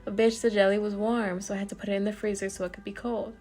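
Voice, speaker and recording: A woman's voice: medium pitch, little pitch movement, fast talker, darkish tone, husky, faint music behind, lightly acted. A woman voicing a blunt, foul-mouthed teenage girl in a storybook reading. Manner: blunt, cursing.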